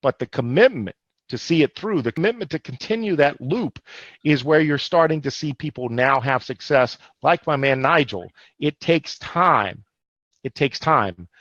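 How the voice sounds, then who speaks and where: A man's voice: a little high, animated, moderate pace, a bit bright, dry recording. A man co-hosting a motivational online business webinar, emphatic and forever checking in with "all right?". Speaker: co-host. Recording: dull lo-fi livestream audio.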